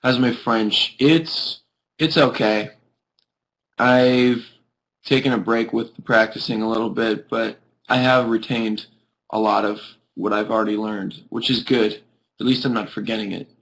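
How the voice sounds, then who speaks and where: A man's voice: lowish voice, steady tone, a little slow, a bit bright, poor audio. A sleepy young man hosting a live video chat, chatting casually with viewers in a rambling way full of "like". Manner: rambling, peppered with "like". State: sleepy, yawning.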